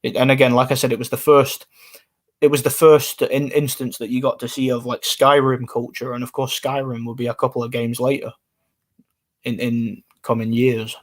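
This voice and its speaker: A man's voice: mid-range voice, flat delivery, moderate pace. A man, casually chatting on a live stream and answering comments in a rambling way. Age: 20s.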